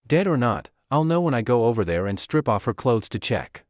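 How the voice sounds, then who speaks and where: Smug, sneering young lord, lively delivery; male narrator voices him. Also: medium pitch, a little fast, dry recording, clean studio sound, natural voice. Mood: mocking. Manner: sneering, teasing.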